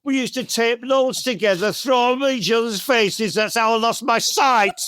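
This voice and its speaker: A man's voice: extremely high pitch, normal speed, fairly bright tone, a little hiss or hum. A man voicing a nostalgic old northern English man in a Northern English accent, reciting comic verse in a sing-song way.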